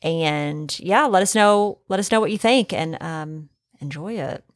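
A woman from Oklahoma co-hosting a podcast in casual chat, talkative and quick to laugh. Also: sits low, dry recording, studio quality. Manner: chatty, restless, quick to laugh. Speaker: podcast co-host.

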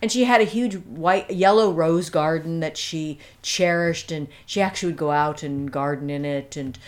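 A woman telling a story in casual conversation as an interview guest. She rambles, restarts sentences and adds asides, and turns animated and amused at times. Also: sits low, moderate pace.

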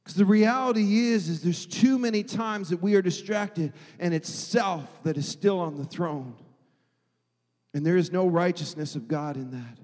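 A man preaching a sermon as pastor, emphatic, swinging from loud declarations to hushed, quiet lines. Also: high-pitched, moderate pace, big-room sound.

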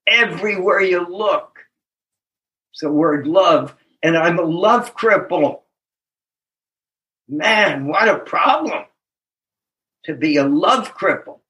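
A slow-paced older man sharing his recovery story at a meeting, reflective and earnest. His voice sits high for a man and sounds bright and clear. He leans on key words and chuckles at himself now and then. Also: lo-fi sound. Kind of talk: personal recovery testimony.

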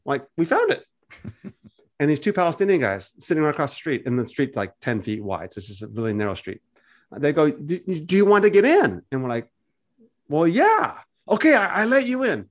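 A man with an everyday mid-range voice tells a story in relaxed conversation. He gets animated, throwing his voice up high to act out the people he quotes. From United States. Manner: animated storyteller, acts out quoted voices with big pitch jumps. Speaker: podcast co-host.

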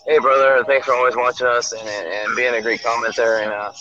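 A male podcast co-host chats casually from a noisy public place, rambling with lots of fillers. His mid-range voice is level and a little fast, and the audio is dull and lo-fi over a crowd's noise.

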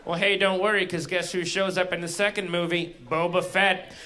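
A comedian playing a middle-aged male filmmaker who talks slowly and haltingly, full of "uh"s. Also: sits high, flat delivery, pushed and bright. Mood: cheerful. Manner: slow, halting, many "uh"s.

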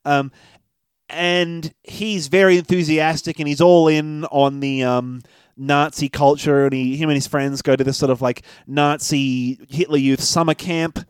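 A man's voice: a little high, steady tone, unhurried, clean tone, no room sound, studio quality. A man co-hosting a casual film review podcast, chatty, laughing often and swearing casually. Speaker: podcast co-host.

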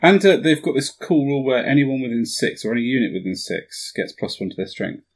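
A man's voice: medium pitch, expressive, fairly quick, breathy edge. A man casually chatting about a tabletop wargame, eager and often repeating himself.

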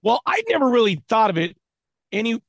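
A man trades quick, teasing banter on a podcast. His voice is high and gravelly, and he talks fast. The mic is close and dry. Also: sing-song, dry recording. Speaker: podcast co-host. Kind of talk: casual podcast chat.

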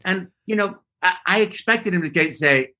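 A man guest telling a lively story in an interview and acting out voices and sounds as he goes. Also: sits high, moderate pace. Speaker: guest voice actor. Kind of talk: animated storytelling.

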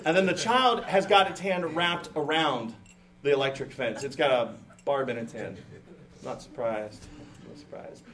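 A middle-aged man preaching a sermon to a congregation, animated and joking, with many restarts and acted-out quotes of parents. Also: a little high, moderate pace, a little hiss or hum. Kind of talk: sermon with humorous asides.

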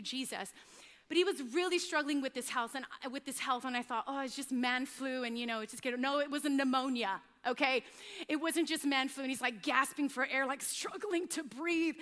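A middle-aged woman pastor preaches a sermon in a large hall, telling lively, self-mocking stories about life at home. Her voice is high-pitched.

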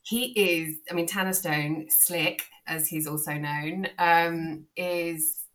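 A British woman with a low voice talks eagerly in a loose, rambling way. She chats casually as a guest author on a podcast, breaking off and restarting her thoughts as she goes. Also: steady tone, slow pace, fairly bright tone.

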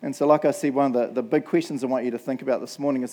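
A middle-aged man with a New Zealand accent, preaching a relaxed, humorous sermon full of anecdotes and frequent "right?" asides. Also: medium pitch, racing. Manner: chatty, humorous, keeps tagging "right?". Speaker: pastor. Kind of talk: casual sermon storytelling.

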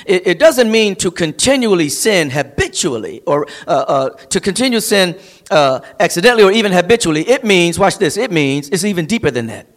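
Emphatic preacher, high lively voice. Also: male voice. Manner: emphatic preaching, rising to near-singing on key phrases; repeats and builds phrases for emphasis. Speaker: pastor. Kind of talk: sermon. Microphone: streamed service.

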